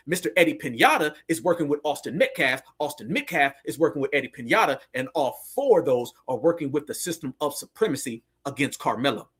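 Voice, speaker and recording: A man's voice: a little high, a bit bright, slightly rough. A man hosting heated social commentary, fiery and preachy with lots of slang. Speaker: commentator host.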